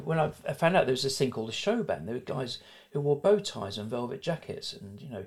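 A man in his sixties from South London, with a middle-class accent, is a guest in a conversational interview. His mid-range voice is sing-song and a little mellow, and he talks fast with hardly any pauses, frankly and rambling, full of fillers and restarts. There's a little hiss or hum in the audio.

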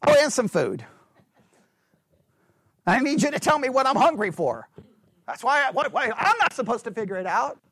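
Animated high-voiced man preaching. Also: moderate pace, pauses often, slightly rough, no echo. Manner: animated, rhetorical questions, acts out churchgoers. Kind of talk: sermon.

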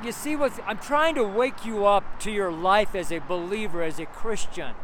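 A man's voice: high voice, moderate pace. A man preaching as a street minister, earnest and rambling, repeating his points as he exhorts. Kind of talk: street sermon. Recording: noisy outdoor street recording with cars. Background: passing cars and urban street noise.

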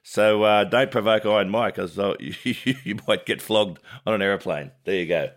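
A man's voice: fairly low pitch, normal speed. A man co-hosting a sports podcast, chatting casually and laughing often as he tells stories.

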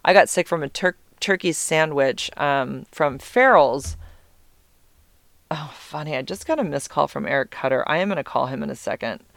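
A woman's voice: deep voice, normal speed, vocal fry, dry recording. A middle-aged woman telling a personal story in a rambling, easily distracted way, swearing freely. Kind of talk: casual storytelling.

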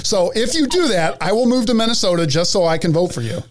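A man co-hosting a podcast, animated and jokey, acting out little scenes as he talks. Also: high voice, fast, a crowd in the background. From Tennessee. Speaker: podcast co-host. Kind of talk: casual podcast banter.

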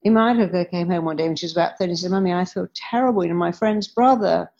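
A woman's voice: lowish voice, fast, a little mellow. A woman, a therapist guest in an interview, speaking earnestly and acting out the dialogue she quotes. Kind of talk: podcast interview answer. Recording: slightly dull lo-fi audio.

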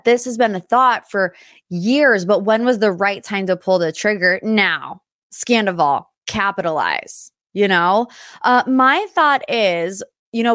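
A woman's voice: mid-range voice, dry recording, clean studio sound. A young adult woman hosting a solo pop-culture podcast in casual chat, talkative and prone to tangents. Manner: chatty, tangent-prone, animated asides. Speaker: podcast host.

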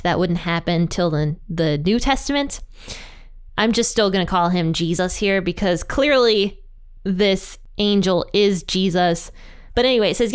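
Smooth-voiced woman teaching a Bible study. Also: medium pitch. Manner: chatty, laughs at herself, reads scripture aloud.

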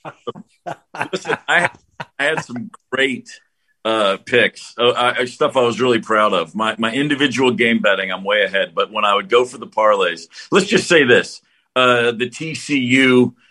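In casual sports chat on a podcast, a co-host rambles about college basketball and betting, laughing and restarting repeatedly. His voice is medium-pitched, pushed and bright, at a measured pace.

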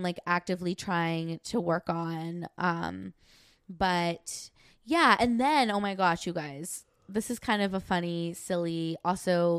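A woman's voice: on the low side, clean tone, no room sound, clean studio sound. A young woman, co-hosting a podcast in a casual, rambling chat full of fillers. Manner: chatty, rambling with many fillers. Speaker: podcast co-host.

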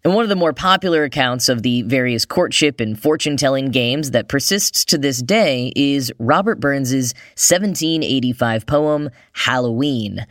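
Brief: American male podcast host, steady mid-pitched voice, measured scripted read, dry close sound. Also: no room sound. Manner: measured, reads quotes and verse aloud. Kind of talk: scripted narration.

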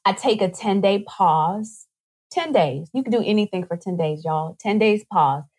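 A woman guest on a podcast, explaining nutrition in a casual, animated way and acting out little voices as she goes. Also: mid-range voice. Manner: animated, acts out voices in quick asides.

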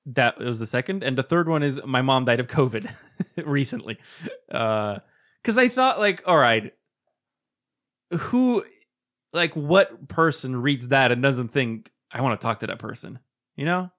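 Chatty podcast host, not American. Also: male voice, medium pitch, animated, a bit bright. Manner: chatty, quick asides, laughs often. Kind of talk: casual podcast chat.

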